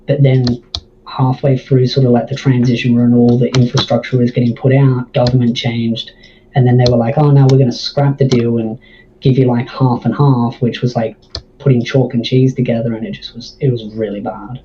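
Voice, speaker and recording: A man with a mild Australian accent, a guest in a casual stream chat, relaxed and dryly joking. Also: mid-range voice, brisk, slight background noise. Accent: Australian, toned down. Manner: laid-back, dry joking. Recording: slightly dull lo-fi mic.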